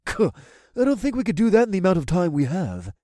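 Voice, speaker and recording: A man's voice: high-pitched, huge pitch swings, quick pace, dark tone, no room sound, clean studio sound, voice pushed up. Man doing a scoffing skeptic. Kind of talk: audiobook character voice.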